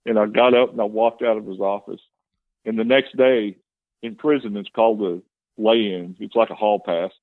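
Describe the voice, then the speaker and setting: A man's voice: on the low side, fairly even intonation, moderate pace, no room sound. A man giving a candid, plain-spoken personal testimony as an interview guest. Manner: plain-spoken storytelling with earnest emotion. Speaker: guest telling his testimony. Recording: tinny phone-like line, dry.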